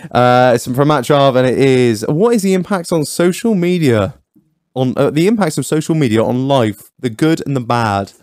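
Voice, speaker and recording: A man riffing crudely on a podcast, his pitch swinging up and down as he talks. He sounds close and dry, with no room around him. He laughs his way through the banter. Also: moderate pace, no echo. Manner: crude, laughing, lively storyteller. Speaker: podcast co-host. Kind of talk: drunk casual banter.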